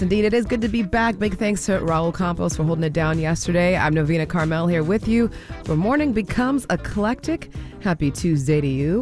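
A woman's voice: lowish voice, darkish tone. A woman hosting a morning music radio show, upbeat, reading station identification with an announcer's cadence. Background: faint music bed.

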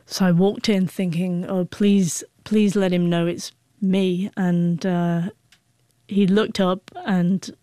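A woman's voice: lowish voice, warm tone, no room sound, studio quality. A woman in her forties with a stutter, telling an emotional personal story as an interview guest, with frequent sound blocks and restarts. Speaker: guest, author.

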